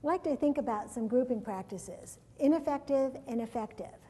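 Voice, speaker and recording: A woman's voice: high voice, moderate pace, breathy edge. Woman lecturing in a reverberant hall. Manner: lively anecdotes, laughs often, repeats words. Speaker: education conference speaker. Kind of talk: conference presentation. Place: large conference hall.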